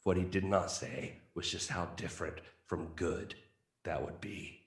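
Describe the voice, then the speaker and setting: A man's voice: sits low, fairly even intonation, unhurried, reverberant, pitched below the performer's own voice. A man voicing an indignant, pompous male film critic in a put-on "professional" accent, ranting in exasperation.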